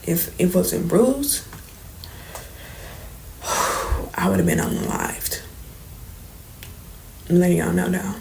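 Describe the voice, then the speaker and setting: A young woman, speaking softly and shakily in an emotional storytime confession, holding back tears and sometimes dropping to near whispers. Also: on the low side, huge pitch swings, slow pace, creaky, long pauses, a little hiss or hum, poor audio. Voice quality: soft, trembling at times, drops to near whispers. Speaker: vlogger. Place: indoors, late at night.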